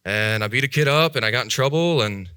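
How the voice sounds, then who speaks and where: A man telling his own life story in a talk, animated, jumping high in pitch and dropping to hushed tones as he acts out voices. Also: brisk, clean tone, no echo, clean studio sound. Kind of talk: dramatic personal storytelling talk.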